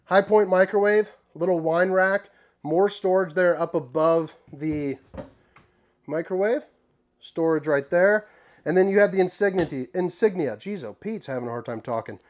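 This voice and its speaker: A man hosting a casual walkthrough tour inside an RV, talking in a folksy, joking way with relaxed slang. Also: high voice, moderate pace. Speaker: RV tour host.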